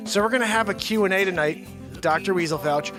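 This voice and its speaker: A man hosting his nightly live show, joking around and swinging between loud hype and low mutters. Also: fast, music in the background. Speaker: host. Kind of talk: comedic live-stream banter.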